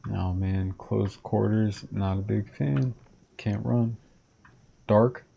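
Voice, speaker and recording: A man's voice: on the low side, fairly even intonation, takes it slowly, vocal fry, highs cut off, slight background noise. A man giving casual live-stream commentary while playing a horror game, reacting aloud and a bit jumpy.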